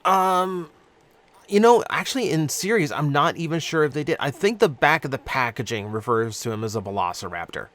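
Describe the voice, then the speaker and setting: A man hosting a casual chat, relaxed and a little hesitant, with many fillers. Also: a little high, brisk. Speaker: host.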